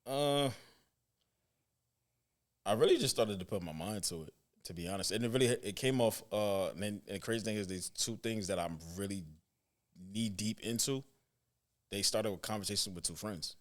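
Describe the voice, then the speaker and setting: This podcast guest is a football coach and trainer in his twenties whose voice sits lowish. He talks at a moderate pace with frequent pauses, spinning slangy, relaxed stories and livening up whenever he mimics parents.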